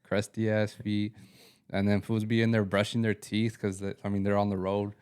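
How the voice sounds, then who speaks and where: A man's voice: on the low side, flat delivery, moderate pace, darkish tone, clean tone. A young man co-hosting a podcast, telling slangy, laid-back stories. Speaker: podcast co-host. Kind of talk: casual chat.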